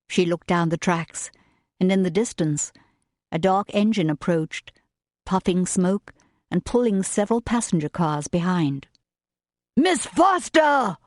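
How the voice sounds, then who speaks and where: A woman reads a romance audiobook at a slow, measured pace. Her voice sits a little low and carries a soft breathiness, and the recording is close and dry. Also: no echo. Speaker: audiobook narrator. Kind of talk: scripted narration.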